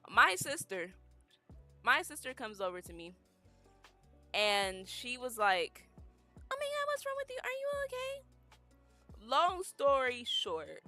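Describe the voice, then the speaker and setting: Animated young woman, bright forceful voice. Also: on the high side. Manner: animated, emphatic, dramatic retelling. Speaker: streamer. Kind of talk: casual storytelling on a stream.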